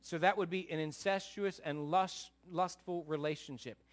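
Man, sermon, fairly high voice, animated, chatty asides, emphatic peaks. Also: moderate pace. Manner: conversational asides. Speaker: pastor.

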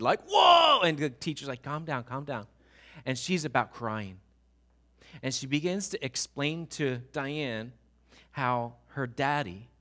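Bright-voiced preacher swinging quiet to loud. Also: male voice, medium pitch. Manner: swings from hushed, slow prayerful passages to loud, rising exhortation; storytelling with many restarts and quoted voices. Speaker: pastor. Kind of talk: sermon.

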